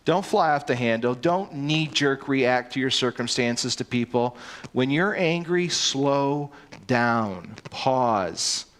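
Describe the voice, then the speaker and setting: Guy giving a sermon, earnest n emphatic, stumbles and repeats words, middling pitch. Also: expressive, slow, a bit bright. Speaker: preacher.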